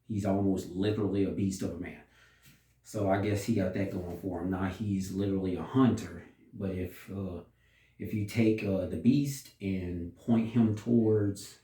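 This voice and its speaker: A man giving a casual, unhurried movie review, pausing and restarting often as he thinks. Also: on the low side, warm tone. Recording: roomy echo, distant from mic.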